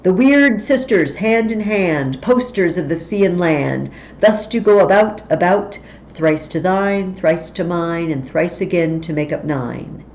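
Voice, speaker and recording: A woman's voice: medium pitch, animated, slow pace, darkish tone, a little hiss or hum, voice pushed up. A woman voicing the wicked old witch sisters in rhythmic, incantatory chanting, from a slightly dull recording.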